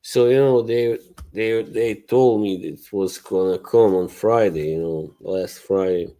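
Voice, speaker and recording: A man's voice: fairly low pitch, unhurried, warm tone. A man hosting a casual live stream, rambling loosely, swearing and laughing as he talks to his chat. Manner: greets and answers chat viewers. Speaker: livestream host.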